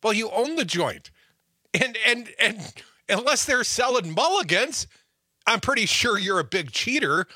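A man hosting a political talk radio show, trading sarcastic jabs with a lively, quick delivery. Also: high voice, no room sound, clean studio sound.

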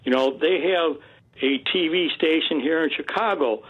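A man calling in to a radio show, speaking haltingly with frequent restarts. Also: a little high, breathy edge, phone-quality sound. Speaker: caller. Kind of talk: radio call-in talk.

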